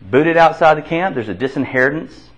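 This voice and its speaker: Bible class teacher, male, animated pitch, slightly husky, dull lo-fi recording, quizzes the room and repeats answers. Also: brisk. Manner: asks the class questions and repeats their answers; conversational, with restarts.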